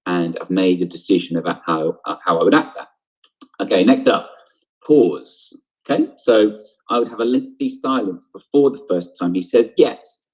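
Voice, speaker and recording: A man teaching a drama lesson over a video call, walking through each point and checking in with his students. His voice sits low and comes through husky and breathy. The call audio is dull and lo-fi. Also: a little mellow. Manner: explanatory, checking in with "okay?".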